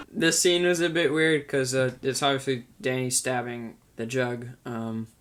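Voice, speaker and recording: A man's voice: medium pitch, fairly even intonation, takes it slowly, fairly bright tone, smooth. A man hosting a casual director's commentary. He talks in a chatty way, laughs often and keeps restarting his sentences. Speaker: video director and host.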